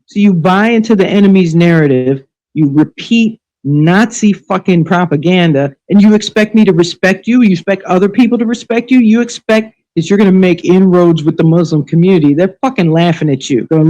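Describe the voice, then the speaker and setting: A woman's voice: on the low side, a little fast, few pauses, mellow, lo-fi sound. A woman hosting a live stream, delivering an angry, sarcastic, profanity-laced rant full of scolding rhetorical questions. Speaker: livestream show host. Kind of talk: ranting live commentary.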